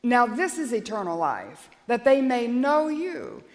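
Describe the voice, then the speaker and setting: A woman's voice: a little high, huge pitch swings, measured pace, big-room sound. A woman preacher delivering an earnest, emphatic sermon and prayer in a church.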